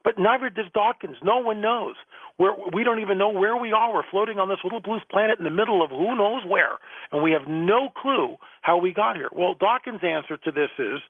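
A man's voice: high voice, lively intonation, brisk, dry recording. A male guest author in a radio interview, talking emphatically and often repeating words, over a phone line.

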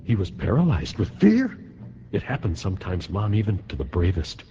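Brief: very deep, dark-toned male reader, dramatic, lively pitch, dull lo-fi sound. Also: moderate pace. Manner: dramatic, with wide pitch swings. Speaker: reader of a letter. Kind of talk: dramatic reading of a wartime letter. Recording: dull lo-fi recording.

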